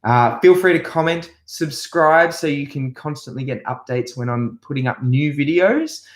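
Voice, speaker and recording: A man's voice: on the high side, lively intonation, moderate pace. A man teaching a music class to young children, singing a farm song and breaking into animal noises in an upbeat way. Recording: roomy echo.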